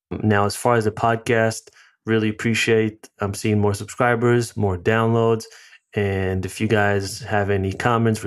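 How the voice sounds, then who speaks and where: A man with an American accent hosting a podcast, talking in a rambling, casual way full of fillers. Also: on the low side. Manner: rambling, filler-heavy, chatty. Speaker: podcast host.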